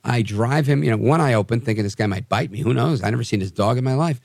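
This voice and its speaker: A man hosting a podcast, telling odd news stories with wry, animated asides. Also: medium pitch, quick pace, creaky, no echo, clean studio sound. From New Jersey area. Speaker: podcast host. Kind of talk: casual news commentary.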